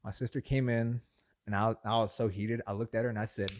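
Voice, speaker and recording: A young man co-hosting a casual podcast, telling stories with lots of laughter and his voice jumping high when excited. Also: a little fast. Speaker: podcast co-host. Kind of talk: casual chat.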